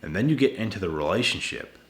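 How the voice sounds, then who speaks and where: Blunt male vlogger, tired late-night delivery, deep voice, echoey home room. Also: lively intonation, quick pace, fairly bright tone. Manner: blunt, repetitive, addresses viewers as guys and bro. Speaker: channel host giving relationship advice. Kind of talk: casual vlog monologue. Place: at home indoors.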